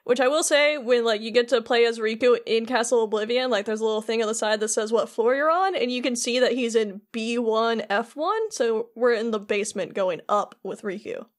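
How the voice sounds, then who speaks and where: A woman's voice: fairly high pitch, fairly quick, few pauses. A woman co-hosting a podcast, casually recapping a video game, laughing often and acting out lines in jokey voices. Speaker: podcast co-host.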